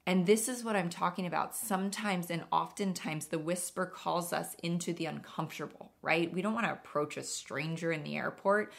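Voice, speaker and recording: A woman's voice: fairly low pitch, moderate pace, creaky, few pauses. A woman podcast host telling stories in an earnest, emphatic, conversational way. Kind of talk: casual storytelling monologue.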